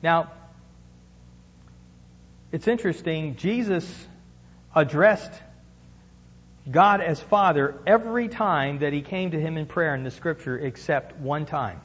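A man's voice: on the high side, takes it slowly, pauses often, a bit bright, breathy edge. A male pastor preaching a sermon in a conversational way, asking the congregation questions and building to emphatic peaks. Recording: dull lo-fi sound with long church reverb.

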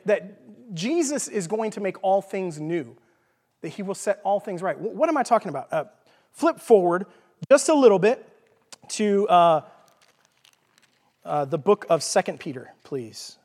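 A Texan man with a fairly high voice delivers an informal teaching sermon in a church. He talks casually and jokes, and often stops to ask "okay?". His voice rings with the long echo of a large hall. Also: sing-song, normal speed, a little mellow. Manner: informal, jokey, checks in with "okay?". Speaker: preacher.

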